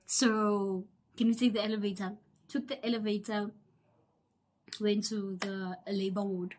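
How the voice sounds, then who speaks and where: South African woman telling a story slowly. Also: medium pitch, slight background noise. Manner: animated, acts out quoted voices, drops into whispers. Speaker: YouTuber. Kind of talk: casual storytelling.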